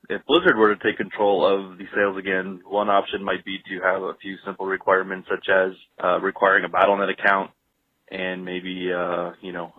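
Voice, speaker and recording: A man from Canada calling in to a podcast with a recorded message, polite and slightly halting. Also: sits low. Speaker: caller. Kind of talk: recorded voicemail. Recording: tinny phone line.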